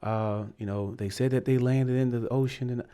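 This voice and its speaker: This young man from Virginia, USA, has a clear, resonant, medium-pitched voice and speaks at a moderate pace. As a podcast co-host, he tells an animated, casual story and acts out the other characters' voices.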